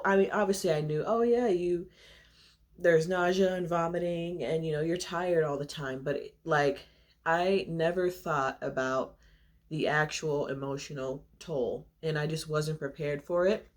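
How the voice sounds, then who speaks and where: A young woman chatting straight to her camera in a relaxed, confiding way. She laughs easily and takes extra breaths between phrases, a little winded as she talks. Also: low-pitched. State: short of breath. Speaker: vlogger. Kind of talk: casual chat to camera.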